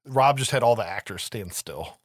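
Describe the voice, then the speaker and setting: A man's voice: on the low side, moderate pace, no room sound, clean studio sound. A man casually recapping a horror movie scene by scene, cursing freely and acting out the characters' lines. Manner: profane, animated storytelling with quoted voices.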